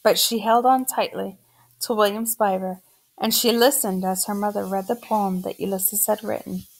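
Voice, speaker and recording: A woman reading a children's novel aloud, telling the story at a steady pace. Her voice has a noticeable gravelly texture. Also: mid-range voice, normal speed. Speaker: audiobook narrator.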